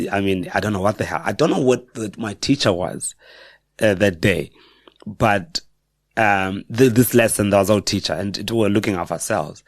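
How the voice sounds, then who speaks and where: A middle-aged South African man with a South African accent, a guest on a podcast, telling personal stories in a reflective, halting way with frequent self-corrections. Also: on the low side, dry recording, clean studio sound. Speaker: guest author. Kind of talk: personal storytelling in a podcast interview.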